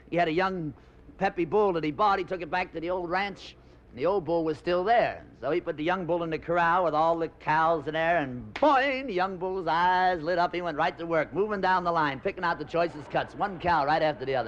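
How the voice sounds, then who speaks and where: A man's voice: fairly high pitch, a bit bright, dull audio, a little hiss or hum. A man telling bawdy stand-up jokes with punchy timing. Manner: punchy joke delivery with accented punchlines. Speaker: stand-up comedian.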